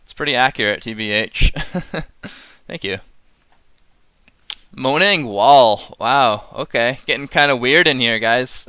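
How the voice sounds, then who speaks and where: Bright, smooth-voiced male streamer. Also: mid-range voice, slow, pauses often, dry recording. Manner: rambling, chuckles often, chats with viewers. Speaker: streamer reviewing game cards. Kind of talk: casual live-stream commentary.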